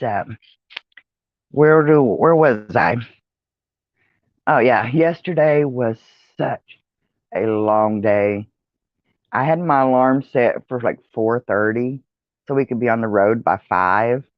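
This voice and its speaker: A woman's voice: a bass voice, slow, long pauses, no echo, dull audio. A tired woman chatting in a rambling way for her vlog on an outdoor porch. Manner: rambling, chatty, with many fillers and yawns. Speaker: vlogger. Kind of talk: casual vlog chat. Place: outdoor porch with traffic nearby.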